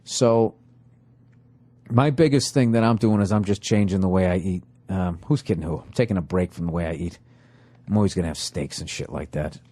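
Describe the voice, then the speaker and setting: A man's voice: low voice, a little fast, warm tone. A middle-aged man hosting a comedy podcast, ranting profanely in a casual monologue while chewing food as he talks. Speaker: podcast host.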